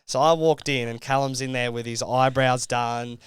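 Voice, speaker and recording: A man's voice: medium pitch, steady tone, moderate pace, smooth, no room sound, studio quality. A young Australian man and reality show contestant, telling his story in a casual podcast interview, rambling with lots of fillers.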